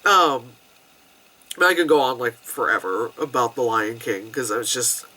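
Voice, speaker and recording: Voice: medium pitch, moderate pace, bright, forceful tone. A film reviewer in their thirties ranting casually about movies, chatty and swearing, with lots of fillers. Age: 30s. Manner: chatty, swears, full of fillers and bits of mock voices. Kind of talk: casual rant-style review.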